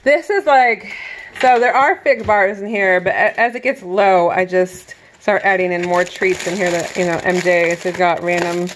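A woman's voice: lowish voice, normal speed, a little hiss or hum. A woman in her thirties chatting casually to viewers as she walks through her home kitchen, laughing often. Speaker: vlogger giving a kitchen pantry tour. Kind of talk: casual home vlog chat.

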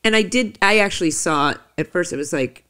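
A woman co-hosting a casual podcast who tells stories in an animated, giggly way. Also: on the low side, brisk, clean tone. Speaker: podcast co-host.

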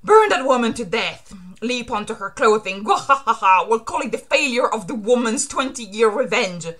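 A woman reads out a cowardly male shogun villain, sly and wheedling when safe and shrill when cornered. The voice stays bright and clear. It sounds like a fan reading comic lines aloud, not a polished stage performance. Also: animated, normal speed. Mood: gloating. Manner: pleading then screaming in panic.

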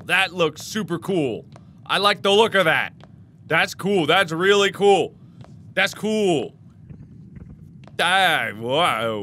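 A man's voice: a little high, slight background noise. Jokey man narrating a horror game. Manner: jokey, talks to the game, sudden loud outbursts. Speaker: gaming channel host. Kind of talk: horror game let's play commentary.

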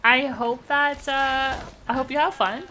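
A woman's voice: high voice, fairly even intonation, measured pace, bright, forceful tone. A young woman, chatting casually and encouragingly as she streams a game. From Canada. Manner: bubbly, encouraging, laughs often. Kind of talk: casual gaming chat.

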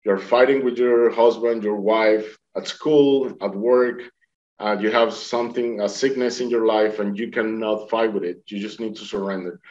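A man's voice: on the low side, steady tone, moderate pace, a little mellow. Earnest man telling his story, lo-fi. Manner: earnest storytelling, acting out quoted voices. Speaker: interview guest. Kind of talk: personal testimony.

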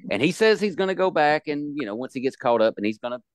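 A man's voice: on the high side, animated, quick pace, no room sound. Laid-back man hosting a podcast. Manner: laid-back, teasing, drawls and laughs. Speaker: podcast host. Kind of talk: casual podcast chat.

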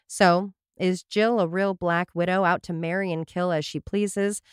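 A woman's voice: on the low side, fairly even intonation, unhurried, smooth, dry recording. A woman hosting a casual podcast, telling stories with dry, sarcastic asides. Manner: wry, sarcastic asides while reading a story. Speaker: podcast host.

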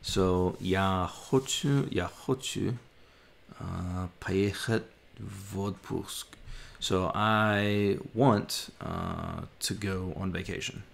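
A man vlogging his language study, thinking aloud, haltingly sounding out words and correcting himself. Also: low-pitched, big pitch swings, creaky, a little hiss or hum.

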